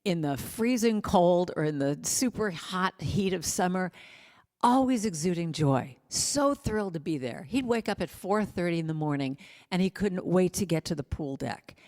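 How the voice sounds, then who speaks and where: A woman guest speaker delivers a spiritual talk built on personal stories, sometimes slipping into a line of song. Her voice sits slightly low in pitch. The sound carries a long reverb from a large hall. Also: expressive, moderate pace, darkish tone. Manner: personal storytelling, breaks into sung snippets. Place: spiritual center sanctuary.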